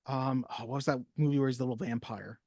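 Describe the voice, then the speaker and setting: A man co-hosting a casual film podcast, talking through a movie and jumping into quoted lines with gusto. His pitch sits in the middle range. The sound is dry and close, with no room around it. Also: fast talker, no room sound. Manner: animated, acts out movie lines. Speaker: podcast co-host.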